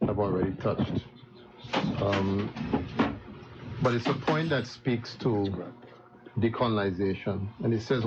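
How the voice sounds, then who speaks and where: A man with a fairly low voice makes an opposition speech at a live event. He starts measured and builds into indignation. The sound is dull and lo-fi, and steady background noise is clearly heard. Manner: measured, then rising to heated indignation. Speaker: opposition politician.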